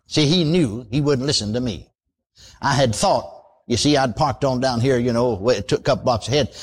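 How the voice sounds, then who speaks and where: A preacher man with a husky, slightly raised voice that swings widely up and down as he preaches. He talks in a folksy way, breaks into praise and calls for amens. It is a sermon for radio. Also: a little high.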